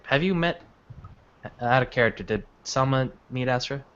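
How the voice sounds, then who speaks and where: A man's voice: mid-range voice, moderate pace, fairly bright tone. A man running a tabletop role-play game, talking loosely with many fillers. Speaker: game master. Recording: dull lo-fi voice chat with faint noise.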